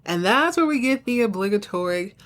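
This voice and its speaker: A woman's voice: expressive, fairly quick, a bit bright. A young adult woman hosting a casual solo podcast, chattily recapping a TV soap episode with playful asides. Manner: chatty, playful, acts out characters' lines in higher voices.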